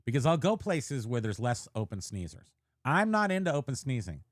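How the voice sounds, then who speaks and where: A man chatting on a podcast in a playful, rambling, joking way. His voice sits at an ordinary middle pitch, recorded close and dry with no room sound. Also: big pitch swings, fairly quick, no echo. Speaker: podcast co-host. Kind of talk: casual podcast chat.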